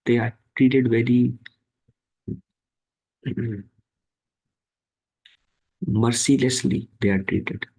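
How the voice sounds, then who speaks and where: A man giving a devotional scripture class, speaking slowly and haltingly with many fillers. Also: medium pitch, fairly even intonation, darkish tone, husky, low-quality recording.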